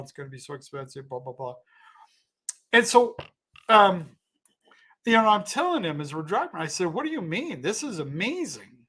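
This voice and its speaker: Man, slightly higher voice, loose chatty storyteller who restarts sentences. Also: a bit bright. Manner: rambling, self-correcting, thanks donors mid-story. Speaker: comedian telling a story on a livestream. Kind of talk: casual storytelling.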